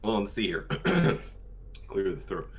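A man's voice: lowish voice, sing-song, measured pace. A young adult man streaming live, chatting casually with crude jokes and frequent laughter. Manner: crude, joking, laughs often.

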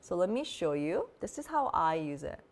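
A woman with a fairly low voice, big pitch swings, and a moderate pace hosts a beauty vlog. Bubbly and casual, she demos products in a live chat, using "like" as a filler again and again.

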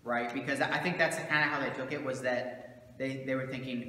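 Bright-voiced pastor in an echoey church. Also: male voice, mid-range voice, steady tone, normal speed, a little hiss or hum. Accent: Southern American. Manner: conversational, many fillers and asides. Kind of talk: casual teaching talk in church. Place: church sanctuary. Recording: roomy church hall with long echo.

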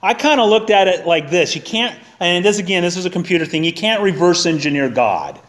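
A man's voice: high-pitched, lively intonation, a little fast, a bit bright. A middle-aged man preaching a sermon in a church, folksy and conversational, mixing scripture with everyday stories. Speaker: pastor. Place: church sanctuary.

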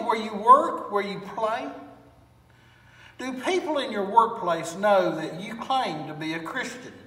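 A man's voice: high-pitched, fairly bright tone. A male pastor preaching a sermon in a church with folksy storytelling and strings of rhetorical questions. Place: church sanctuary. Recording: echoey hall, far from mic.

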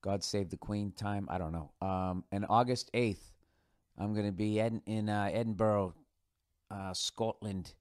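Middle-aged guy ranting on his podcast, low voice, swears a lot, dry close sound. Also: steady tone, a little slow, a little mellow, dry recording. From United States. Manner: profane, sarcastic, loose asides. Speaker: podcast host. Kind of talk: casual rambling monologue.

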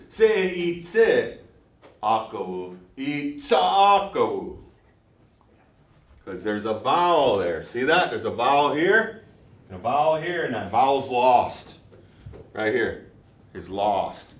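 A man teaching a language class, saying words slowly and clearly so the students can repeat them. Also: mid-range voice, sing-song. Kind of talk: classroom lesson. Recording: echoey room, mic far off, faint noise.

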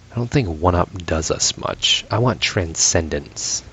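A man's voice: sits low, animated, normal speed, hardly any pauses, fairly bright tone, dull audio, slight background noise. A man giving casual, profane gameplay commentary, ranting with sarcastic asides and sounding tired late at night. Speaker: gaming channel host.

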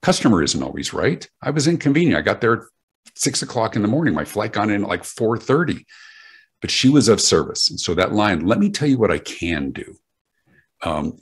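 A man's voice: deep voice, slightly rough. A man answering interview questions about customer service, emphatic and full of anecdotes, often restarting his words. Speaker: guest speaker on customer service.

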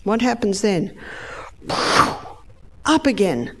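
A middle-aged woman giving a lively health lecture, acting out the body's organs in high, excited voices. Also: slow pace, slightly rough.

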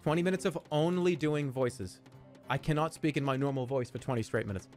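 A man's voice: medium pitch, fairly quick, darkish tone, faint music behind. Rambling self-mocking male streamer. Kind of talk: casual live-stream chat.

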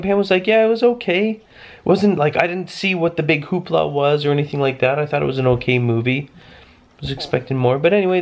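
A tired man from Canada, chatting casually and rambling a little as he hosts his family vlog. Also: mid-range voice. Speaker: family vlogger.

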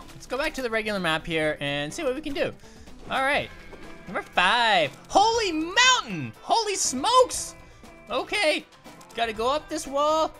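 A performer voicing a cheerful young male cartoon grape who jokes and cries out while playing a video game, over faint music. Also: mid-range voice. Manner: excitable, jokey, cries out at near misses. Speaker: let's play commentator. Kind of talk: cartoon character let's play commentary.

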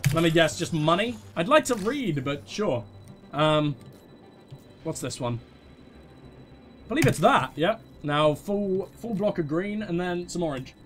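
A man commentating his own gameplay, excitable, swearing freely and giving orders to his teammates. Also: high voice. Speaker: let's play host.

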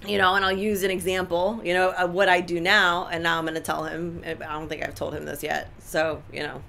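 A middle-aged woman co-hosts a casual relationship advice chat. Her voice is bright and slightly forceful. She is emphatic and animated, and she drives her points home by repeating them. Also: fairly low pitch, a little fast, creaky, slight background noise. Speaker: co-host giving relationship advice.

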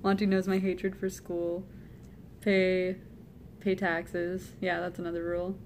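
A woman's voice: fairly low pitch, completely flat delivery, a little slow, darkish tone, slight background noise. Giggly chatty woman streamer. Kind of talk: casual chat. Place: hotel room.

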